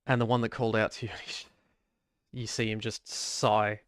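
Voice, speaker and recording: A man as game master, narrating a tabletop game in a measured, descriptive way. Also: lowish voice, flat delivery, a bit bright, smooth, dry recording, studio quality.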